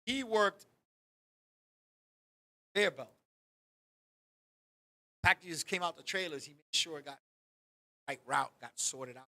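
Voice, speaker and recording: A man's voice: a little high, slow pace, gravelly, pauses often. A man hosting a talk show, telling a funny story in a loose, profane way and acting out the people in it. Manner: animated, profane, acts out the people in his story. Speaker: podcast host. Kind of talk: casual storytelling chat.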